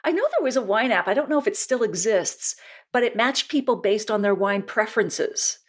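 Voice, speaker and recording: A woman hosting a podcast interview, enthusiastic and quick to laugh. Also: on the high side, expressive. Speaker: podcast host.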